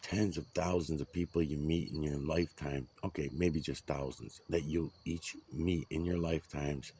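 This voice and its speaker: A man's voice: rumbling low, steady tone, normal speed, warm tone, a little hiss or hum. A man rambling and ranting outdoors, swearing often. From United States. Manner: profane, ranting. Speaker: vlogger.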